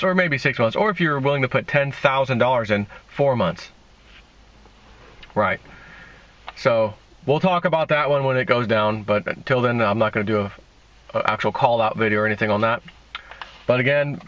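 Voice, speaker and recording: A man's voice: mid-range voice, a bit bright, highs cut off. A man hosting a casual crypto video, talking in a sarcastic, mocking, rambling way. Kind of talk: casual opinion monologue.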